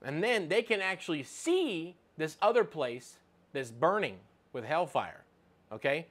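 Higher-voiced man teaching the Bible. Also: very animated, measured pace. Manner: conversational, reads scripture aloud and looks up verses mid-talk.

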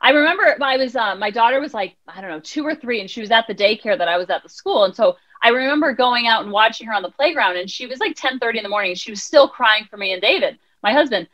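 A woman, a child counselor and life coach, talking as a guest on a podcast, animated and acting out quotes in voices. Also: a little high, fast talker, hardly any pauses, no room sound. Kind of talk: podcast interview conversation.

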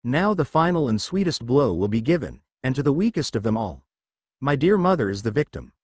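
A man voicing a cold, sneering older-brother ninja in a story reading, speaking lower and quieter than his narration. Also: very animated, a little fast, husky, no room sound. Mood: cruel.

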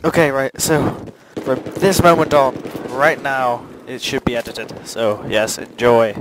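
Young man, gamer commentary, unhurried rambling, headset mic, heavy game gunfire behind. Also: medium pitch, steady tone, very noisy. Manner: slow, silly rambling with frustrated outbursts. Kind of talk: gameplay commentary.

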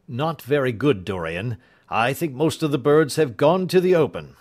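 A man doing a loud, blustering aristocratic hunter. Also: mid-range voice, animated, normal speed, pitched above the performer's own voice, lightly acted. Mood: offhand. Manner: loud, exclaiming.

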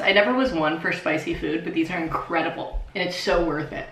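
Young woman vlogger, a bit low-pitched, bubbly home-kitchen chatter, roomy echo with noise behind. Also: brisk, hardly any pauses, a bit bright. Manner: chatty, bubbly, swears casually. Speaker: cooking vlogger. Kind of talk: casual cooking vlog. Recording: echoey kitchen, clear background noise.

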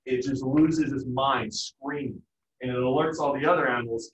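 A man's voice: medium pitch, moderate pace. A man teaching a biology class in a casual, joking lecture manner. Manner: casual, joking, acts out family voices. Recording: echoey, distant, dull room sound.

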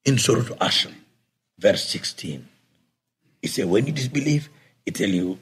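Man, religious teacher, sermon, fairly high voice, loud then very quiet. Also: huge pitch swings, slow pace, long pauses. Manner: non-native English, asks listeners if they follow, swings between loud and very quiet.

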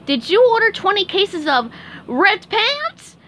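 A woman voicing a cheerful, goofy male sea sponge in a storybook reading, excitable and over the top. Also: very high-pitched, slow, slight background noise, voice pushed up, heavily acted. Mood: joking excited.

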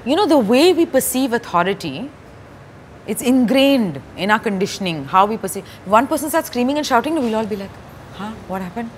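A woman, talking as a guest in a candid stage interview, soft-spoken and hesitant with many fillers. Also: on the high side, animated, fairly quick, a little hiss or hum. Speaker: actor and director, interview guest. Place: stage before a live audience.

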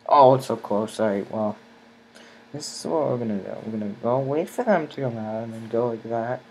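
A teenage boy narrates his own gameplay in a loose, rambling way at an ordinary pitch, filling gaps with "like" and half-finished thoughts. He talks into a desktop mic with a faint hum in the background, and his voice rises with excitement during fights. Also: moderate pace. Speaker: gaming channel host. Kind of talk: casual let's-play commentary.

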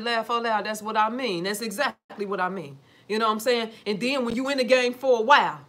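A woman with a slightly high voice talks straight to her viewers. She is animated and preachy, swears freely and keeps asking rhetorical questions. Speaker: vlogger. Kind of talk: casual talk to camera.

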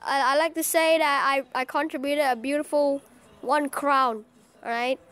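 A woman giving excitable live commentary over her own card-battle game, cheering and groaning at every play. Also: sits high, moderate pace. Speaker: gaming channel host.

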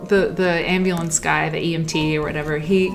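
A woman's voice: low voice, flat delivery, fairly quick, faint music behind. A woman hosting a livestream, telling stories in a rambling, reflective way that often trails off. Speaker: livestream host. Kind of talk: casual livestream storytelling. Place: at home while sewing.

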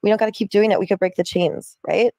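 A woman setting boundaries over the phone in a firm, measured, lecturing tone. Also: medium pitch, fairly even intonation, mellow, no echo, studio quality. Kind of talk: calm therapy-speak argument.

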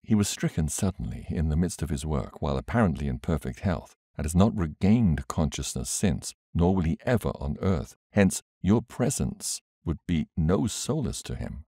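A man reading aloud and voicing a gentle, grave older brother in an audiobook. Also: rumbling low, big pitch swings, moderate pace, hardly any pauses, dry recording, clean studio sound, full character voice. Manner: gentle and sad.

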